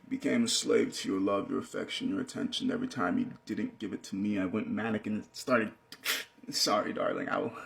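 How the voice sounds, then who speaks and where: Man, low gravelly voice, pleading rambling spoken word delivery. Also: a bit bright. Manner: pleading, rambling, self-interrupting.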